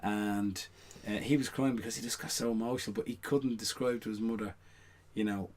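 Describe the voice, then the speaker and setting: A man's voice: lowish voice, steady tone, fairly quick, darkish tone. A middle-aged man, a guest on a casual podcast, telling rambling anecdotes full of "you know what I mean" asides. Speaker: guest, stage performer.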